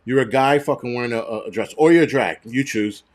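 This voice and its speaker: Talking fairly quickly in a mid-range voice, a man hosts a live stream and rants with blunt anger. He swears constantly and trips over restarts and repeated words.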